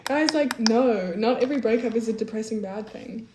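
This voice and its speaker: A woman's voice: a little high, fairly quick, a little mellow, a little hiss or hum. A young woman in her twenties chatting casually on a live stream, peppering her talk with "like" and reading comments aloud. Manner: chatty, peppers speech with "like", reads chat aloud. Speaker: livestream host. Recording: echoey room.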